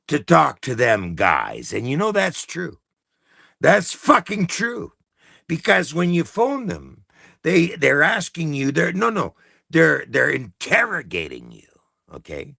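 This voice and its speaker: A man's voice: fairly high pitch, huge pitch swings, takes it slowly, creaky, pushed and bright, husky, no room sound, clean studio sound. A Canadian man hosting a live broadcast, delivering a heated, profane rant. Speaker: livestream host. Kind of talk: angry ranting monologue.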